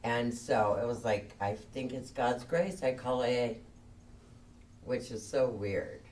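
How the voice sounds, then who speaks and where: A woman's voice: a bass voice, takes it slowly, darkish tone. Candid woman sharing from a distant mic. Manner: candid and self-mocking, laughs often. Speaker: AA meeting speaker. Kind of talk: recovery share at a meeting. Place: meeting room. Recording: distant mic with faint noise.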